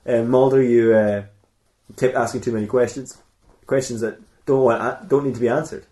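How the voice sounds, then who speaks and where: A man voicing a gruff middle-aged male FBI boss, delivering the lines dryly in his own voice. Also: medium pitch, fairly even intonation, normal speed, dark tone, pitched below the performer's own voice, natural voice. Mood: stern. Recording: roomy echo.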